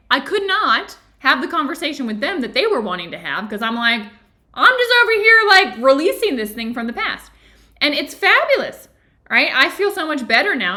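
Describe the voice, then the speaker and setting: A woman's voice: a little high, sharp tone. A woman hosting a live book club stream, talking casually and with animation to her viewers in the chat, laughing often. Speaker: book club host and yoga therapy teacher.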